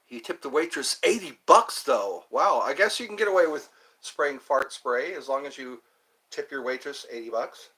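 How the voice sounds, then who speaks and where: A man's voice: mid-range voice, animated, moderate pace, sharp tone. A man streaming live, rambling and joking as he chats with his viewers. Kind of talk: casual live-stream chat.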